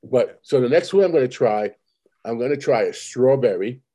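A laid-back man co-hosting a podcast, rambling easily with casual swearing. His voice is mellow and dark, never sharp. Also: mid-range voice, lively intonation, normal speed. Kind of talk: casual chat.

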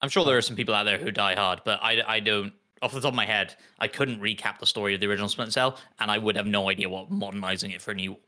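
A man co-hosting a casual gaming podcast, chatty and full of quick asides. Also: fairly low pitch, sharp tone. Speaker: podcast co-host.

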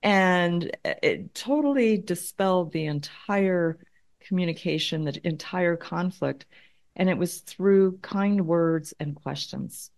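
Low-voiced middle-aged woman telling a story. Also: slow pace, darkish tone. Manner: thoughtful, repeats words as she works out her point. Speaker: conflict consultant and guest. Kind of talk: conversational storytelling interview.

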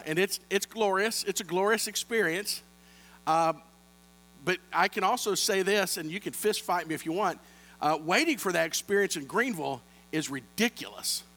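Man, pastor, joking sermon, bright ringing voice, reverberant church hall with mains hum. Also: high-pitched. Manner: humorous storytelling, playful asides to the congregation. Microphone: handheld microphone.

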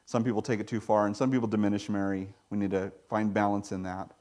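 A man giving a sermon as pastor, in a conversational preaching style with sudden high-pitched asides. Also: flat delivery, fast, darkish tone.

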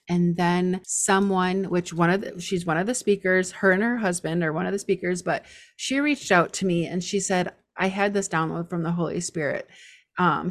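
A woman guesting on a podcast as a Christian business coach, telling her story with eager, faith-filled enthusiasm. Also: lowish voice. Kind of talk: casual interview chat.

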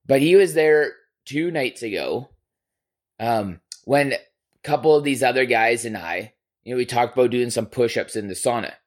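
A male podcast host telling a story in casual chat, animated and profane, swinging between loud bursts and quiet asides. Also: mid-range voice, moderate pace.

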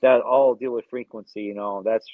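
Excitable man on a dull, dry mic. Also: mid-range voice, moderate pace, dry recording. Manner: enthusiastic, crude, repeats words. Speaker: podcast co-host. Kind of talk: casual film review chat.

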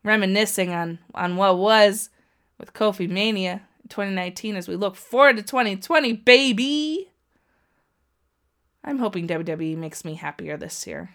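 A woman's voice: medium pitch, moderate pace. A woman, commenting on a wrestling match for her viewers, chatty and prone to gasps and outbursts. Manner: excitable, gasps and cries out at the action; chatty, talks straight to viewers. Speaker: wrestling watch-along streamer. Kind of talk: casual live reaction commentary.

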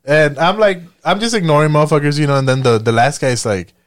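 A man's voice: fairly high pitch, fast, no room sound. Man telling profane stories, dry sound. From Chicago. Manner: profane, animated storytelling with acted-out quotes. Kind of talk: casual chat.

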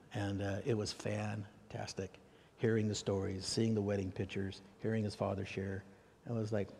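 American preacher in a reverberant hall. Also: male voice, vocal fry. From United States. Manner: animated, acts out dialogue with raised pitch for questions. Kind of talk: sermon storytelling. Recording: long reverb of a large hall.

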